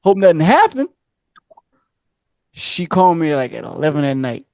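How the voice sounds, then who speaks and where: A man hosting a podcast, telling a long story in casual slang. He keeps slipping into high voices to act out the people in it. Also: big pitch swings, moderate pace, darkish tone, no room sound, clean studio sound. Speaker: podcast host. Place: podcast studio.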